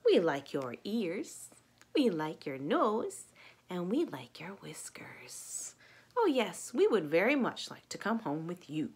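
A woman's voice: medium pitch, huge pitch swings, unhurried, a little mellow, breathy edge, exaggerated voice. A woman doing a sing-song swarm of stubborn bees. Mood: delighted.

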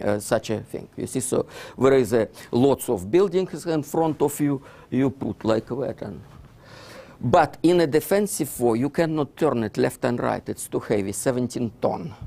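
A man's voice: medium pitch, gravelly, mellow. An older man from Russia with a heavy Russian accent, an author giving a book talk in broken English, full of fillers and "you see, so". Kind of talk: lecture presentation.

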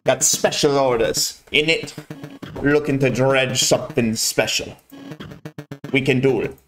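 A man voicing a gruff male game opponent with a mock Scottish accent, brusque and dismissive. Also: mid-range voice, fairly even intonation, unhurried, a bit bright, faint music behind, close to an everyday voice.

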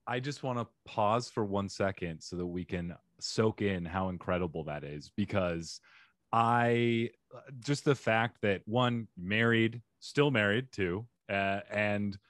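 A man hosting a podcast interview, supportive and quick with short encouraging replies. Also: fairly low pitch, dry recording, studio quality. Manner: supportive, frequent short backchannels. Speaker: podcast host. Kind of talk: casual interview.

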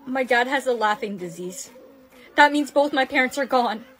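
A woman's voice: sits high, lively intonation, normal speed, a bit bright. A young woman performing the lead in acted short-video skit dialogue, with a dramatic, pleading and protesting delivery.

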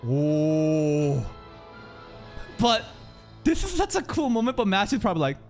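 An anime reaction channel host giving casual, excitable commentary, swearing often and laughing a lot. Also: mid-range voice, measured pace, over music.

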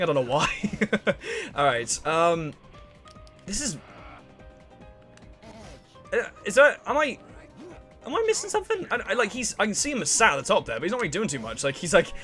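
A man's voice: a little high, fairly bright tone. A young man chatting and rambling through casual let's-play commentary. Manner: rambling, chatty, quick laughs and exclamations. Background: faint game music.

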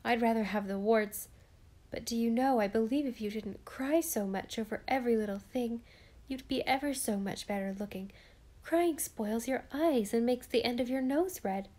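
A sensible, proper young girl with a prim, earnest way of speaking, as a woman narrator puts her on. The voice sits fairly high and clear, a storybook reading. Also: moderate pace, dark tone, close to an everyday voice. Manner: earnest, sometimes indignant.

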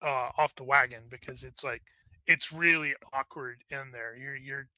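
Male game master, bright crisp voice, dry close mic, halting delivery. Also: mid-range voice, steady tone, no room sound. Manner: halting, many restarts and fillers. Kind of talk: narrating a tabletop game.

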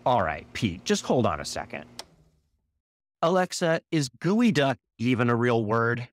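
A man's voice: medium pitch, very animated, measured pace. A man co-hosting a math podcast, doing scripted comedy banter with a wry, teasing manner. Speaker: podcast co-host.

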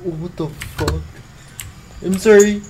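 A man's voice: sits high, takes it slowly, slight background noise. A man playing a horror game and talking through it, swearing constantly and jumping at every scare. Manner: swearing constantly, jumpy and excitable. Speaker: player. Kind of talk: casual gaming commentary.

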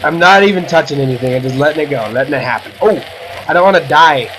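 A young man giving casual gaming commentary, excitable, yelping, whooping and swearing often as he plays. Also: fairly high pitch, brisk, noisy background. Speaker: gaming channel host.

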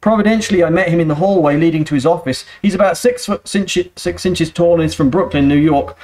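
A man preaching a sermon in a church, earnest and steady, often turning to the congregation with rhetorical questions. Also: a little high, fairly quick. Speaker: pastor.

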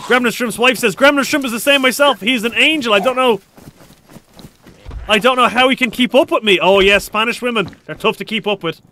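A man live-streaming a survival game, talking fast and loose, swearing, joking and reading chat messages aloud with high energy. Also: bright, forceful tone, slight background noise.

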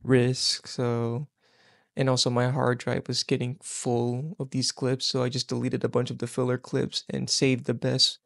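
Dude doing a casual voice-over about his clips, pretty flat monotone, dry sound. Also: medium pitch, measured pace, creaky, no room sound. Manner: offhand, explains his editing. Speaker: video editor narrating.

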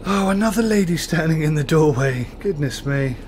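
A man's voice: fairly high pitch, expressive, normal speed, a little mellow, slight background noise. A man hosting a let's play, chatting and joking his way through a bus driving game. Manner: chatty, joking, self-deprecating. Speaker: gaming channel host.

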